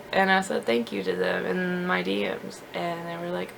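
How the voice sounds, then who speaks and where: A woman's voice: fairly low pitch, level tone, brisk, vocal fry, few pauses, a bit bright, slight background noise. A young woman chatting casually as a beauty vlogger while she does her makeup, self-deprecating and full of "like".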